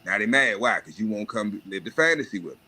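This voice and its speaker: Brief: adult man, livestream host, blunt and animated, punchy bright tone. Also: on the low side, quick pace, soft background music. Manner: profane, animated rant with mocking put-on voices. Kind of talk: casual monologue.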